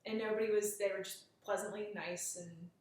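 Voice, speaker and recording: A woman's voice: medium pitch, steady tone, moderate pace, darkish tone, very echoey. A woman chatting casually and chiming in with enthusiasm while recalling a hike with a friend. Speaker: hiking partner. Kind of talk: casual chat.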